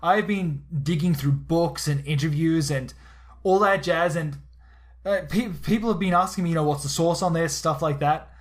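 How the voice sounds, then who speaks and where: Man, Australian accent, slightly high voice, podcast co-host, eager, quick, stumbling restarts. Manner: quick, excitable, with many restarts. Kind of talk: casual chat.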